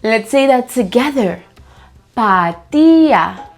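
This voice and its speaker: Very slow, lively woman teaching kids. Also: a little high, soft background music. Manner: slow and patient, repeats each word and prompts children to echo. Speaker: children's language teacher. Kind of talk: slow, sing-song kids' lesson.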